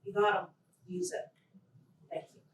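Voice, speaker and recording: A woman's voice: medium pitch, measured pace, heavy background noise. Chatty woman teacher telling stories at a conference, echoey hall, mic kinda far off. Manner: chatty, storytelling, animated quotes. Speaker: conference presenter and language teacher. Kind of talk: casual presentation talk.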